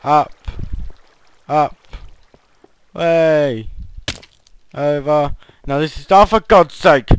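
A man's voice: a little high, extremely slow, pauses often, clear, resonant tone. A man giving casual gameplay commentary, often groaning and yelping in frustration. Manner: frustrated, yelps and groans at failed jumps. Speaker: gaming channel host.

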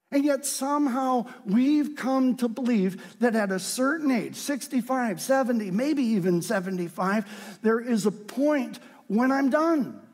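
A man preaching a sermon as pastor, moving from quiet, earnest talk to fervent, shouted readings of scripture. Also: very high-pitched, long reverb tail.

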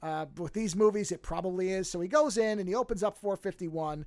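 With a medium-pitched, slightly mellow voice and a brisk pace, a podcast host casually recaps a film. The audio has no room sound, and the host rambles, swears freely, and performs the characters' lines.

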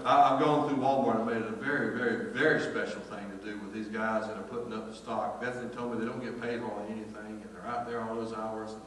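A man's voice: medium pitch, a little hiss or hum. A man preaching a sermon as pastor, telling a folksy story with many repeated words. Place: church sanctuary. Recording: echoey church hall, distant mic.

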